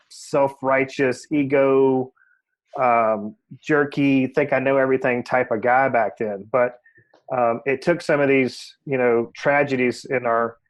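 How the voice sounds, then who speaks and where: Candid man telling his story. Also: medium pitch. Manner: candid and self-reflective, heavy "you know" fillers. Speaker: podcast guest, real estate agent. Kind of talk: casual interview storytelling.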